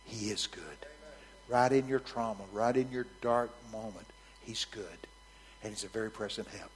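A man preaching a sermon, telling a story vividly in a frank, conversational way that swings from soft near-whispers to loud, emphatic bursts. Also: on the low side, fairly even intonation, normal speed, a little hiss or hum, rough recording.

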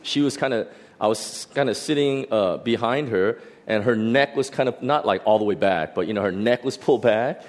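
A middle-aged pastor telling a personal testimony in a sermon, animated and full of restarts and fillers. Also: male voice, fairly low pitch, moderate pace.

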